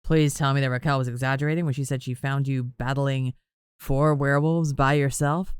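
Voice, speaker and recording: A woman voicing a young man who is the narrator's love interest, speaking in a low, teasing, tender way. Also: steady tone, a little fast, clean tone, no room sound, studio quality.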